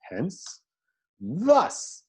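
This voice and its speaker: A man teaching an informal class, his pitch rising and falling a lot as he explains. He talks in a chatty way and checks in with his students often. He sometimes stops to correct himself and restarts a sentence. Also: wildly swooping pitch, very slow, darkish tone, husky. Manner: chatty, checks in with "right?" and "okay?"; self-correcting, with fillers and restarts.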